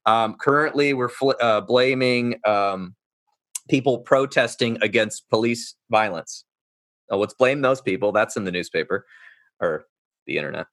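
A male podcast host speaks at an ordinary mid pitch. He gets passionate and rambles, repeating and restarting his words as he works through his thoughts. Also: a little slow, fairly bright tone. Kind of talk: casual interview chat.

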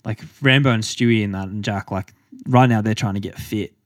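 A man's voice: on the low side, fairly even intonation, fairly quick, dry recording, studio quality. A man chatting casually as a podcast co-host, rambling with lots of fillers. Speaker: podcast co-host, elite runner. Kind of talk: casual chat.

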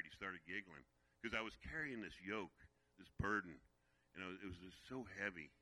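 A man's voice: on the low side, animated, moderate pace, sharp tone, poor audio. A man speaking as guest speaker at a faith weekend, telling a personal story with emotion and often repeating words as he goes. He sounds tearful at times. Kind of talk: conference teaching talk.

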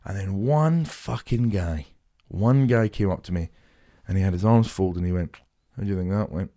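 A man's voice: deep voice, moderate pace, dark tone. A young man co-hosting a podcast, swearing freely and acting out stories in casual chat. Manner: swears a lot, acts out anecdotes. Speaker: podcast co-host.

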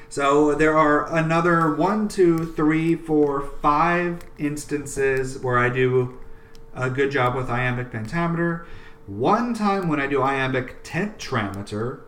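A man's voice: on the high side, slow pace, fairly bright tone. A man casually discussing his poem, thinking aloud and chanting meter as da-da. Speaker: poet discussing his draft. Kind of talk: casual conversation. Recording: echoey room, mic at a distance, faint ambient noise.

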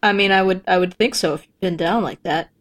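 This woman speaks fairly quickly in a natural, fairly low voice. She's voicing a wisecracking, broke freelancer, keeping things casual while she hesitates, fills gaps with ums and jokes around.

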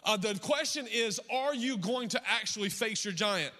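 A middle-aged man preaching a sermon as pastor, his voice hoarse and worn from yelling, with a rhythmic delivery and call-outs to the congregation. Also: sits high, lively intonation, moderate pace, long reverb tail.

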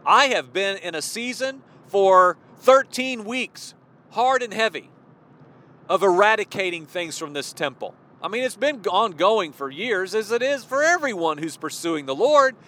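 A man with a notably high-pitched voice delivers a loose, conversational sermon outdoors. He rambles, backs up and restarts mid-sentence, and keeps turning to his listeners as brothers and friends. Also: lively intonation, unhurried, sharp tone. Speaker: preacher. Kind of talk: informal sermon to men.

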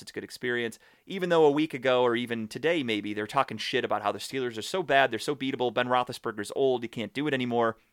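Casting a man for a sports podcast: blunt, swearing, animated ranting, dry close mic. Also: medium pitch, no echo. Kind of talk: casual sports chat.

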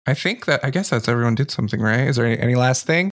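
A man narrating as game master in a relaxed, casual way. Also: medium pitch, racing.

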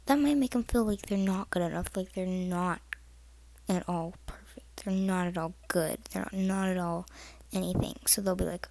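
A woman's voice: fairly low pitch, normal speed, vocal fry, darkish tone, no room sound, rough recording. A woman giving earnest, rambling advice to the camera, often dropping to a whisper.

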